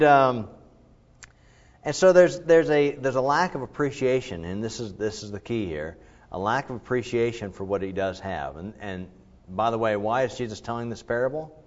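A man preaching a conversational sermon, asking his listeners questions and adding his own asides. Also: low-pitched. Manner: conversational, animated, asks the congregation questions. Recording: slightly dull lo-fi recording.

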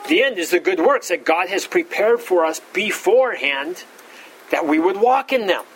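A pastor giving an expository Bible teaching, repeating words and saying "all right" often, rising in pitch to stress key points. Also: male voice, lively intonation, normal speed, a bit bright, husky, rough recording. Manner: rises in pitch for emphasis.

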